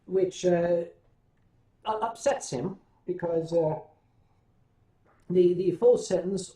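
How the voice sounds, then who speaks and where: An older American man hosting a casual livestream, telling stories and answering viewer comments in a wry, unhurried way. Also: high voice, darkish tone. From United States. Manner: wry, unhurried storytelling with sips and hums. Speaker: livestream host. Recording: roomy sound, voice a bit off-mic.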